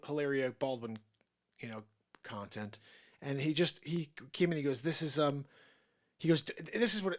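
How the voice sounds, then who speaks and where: A middle-aged man hosts a live show with an animated, improvised rant, lurching from loud outbursts to low muttered asides. He slips into mocking put-on voices, including mock Spanish.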